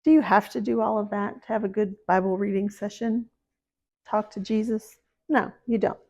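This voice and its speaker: A middle-aged woman from the American Deep South, chatting casually to camera about her homestead and faith, laughing at herself. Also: fairly even intonation, moderate pace, a little mellow. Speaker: homesteading vlogger.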